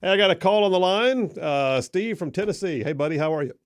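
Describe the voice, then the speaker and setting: A man hosting live talk radio from a studio, energetic and folksy, restarting sentences often. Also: sits high, fairly quick, dry recording. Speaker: radio talk show host.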